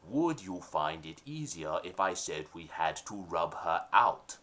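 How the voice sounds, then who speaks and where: A man voicing a gruff 1930s mafia boss who speaks slowly and commands. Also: sing-song, a bit bright, full character voice. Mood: menacing. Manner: slow, low, commanding.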